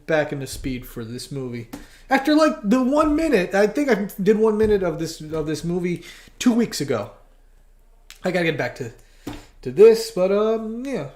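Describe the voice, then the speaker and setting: A livestream host who animates talks casually to viewers, stumbling over words and restarting sentences. The voice sits at a middling pitch. It rings in a roomy, echoey space. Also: a little mellow. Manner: halting, stammering with many restarts. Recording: roomy echo.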